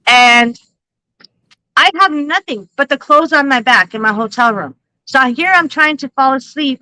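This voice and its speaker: Bright high-voiced woman telling a story. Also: dry recording, rough recording. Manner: animated, laughing, swears freely. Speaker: psychic reader and livestream host. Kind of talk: casual storytelling on a livestream.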